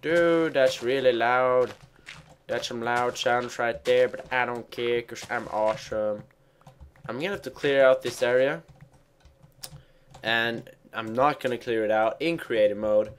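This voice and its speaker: A man's voice: medium pitch, a little slow, slight background noise. A man giving casual let's play commentary while he plays, rambling and mocking himself with stumbling restarts. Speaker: gamer.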